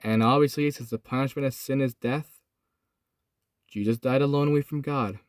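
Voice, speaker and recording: A young man recording in his van, casually retelling a Bible story, swinging from excited to hushed and solemn. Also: medium pitch, normal speed, dry recording, clean studio sound. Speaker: host. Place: inside a van.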